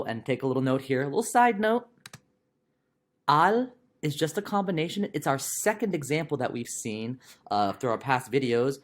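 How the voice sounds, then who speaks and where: A man teaching a recorded language lesson in a chatty, playful way, with quick asides to the viewer. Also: medium pitch. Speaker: Spanish teacher.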